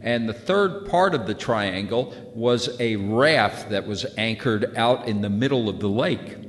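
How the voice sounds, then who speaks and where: A man in his sixties from New Jersey telling a childhood memory in a folksy, conversational way. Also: a little slow. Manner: folksy, conversational, lively pitch. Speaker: storyteller recalling childhood. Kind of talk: casual spoken memoir. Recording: long hall reverb.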